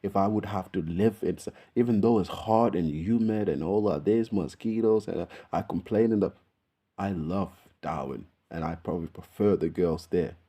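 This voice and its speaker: Casting: young man, low and mellow, loose rambling vlog chat. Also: moderate pace, slightly rough. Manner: rambling, keeps saying "bro". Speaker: vlogger. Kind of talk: casual chat to camera.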